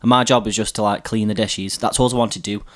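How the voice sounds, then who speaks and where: A man's voice: lowish voice, steady tone, fast, fairly bright tone. A man, a cocktail bar owner, chatting casually over drinks, telling stories full of swearing and acted-out quotes.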